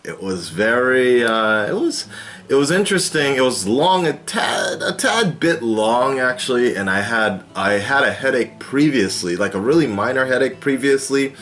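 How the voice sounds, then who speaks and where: A man's voice: mid-range voice, animated, normal speed, a bit bright, soft background music. A man hosting his own vlog in casual chat, projecting his voice toward a camera mic some distance away and rambling with lots of fillers and restarts. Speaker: YouTube reaction host.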